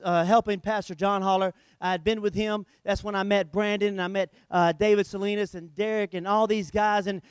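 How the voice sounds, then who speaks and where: A middle-aged man preaching a sermon, telling the story with animated swings between loud emphasis and hushed lines. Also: extremely high pitch, smooth, no echo.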